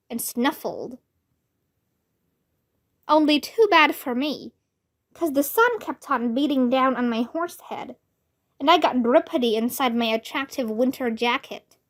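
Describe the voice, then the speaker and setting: A woman reading a children's book aloud in a slow, expressive storytelling manner. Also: sits high. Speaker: storybook reader.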